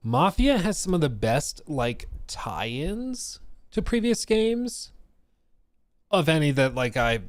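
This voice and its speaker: A male streamer rambles through gaming news and reads chat comments aloud, breaking into laughter often. His pitch swings up and down with lively emphasis. The sound is dry and close, with no room around it. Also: no room sound. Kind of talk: casual live-stream chat.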